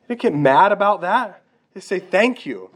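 A man's voice: sits high, expressive, normal speed, a bit bright. A man preaching a sermon, earnest and direct, asking his listeners rhetorical questions. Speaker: pastor.

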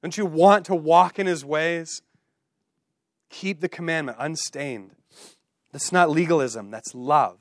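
A man's voice: on the high side, takes it slowly, long pauses, no echo, clean studio sound. A man preaching a sermon with passion, repeating phrases and building to exhortations. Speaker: pastor.

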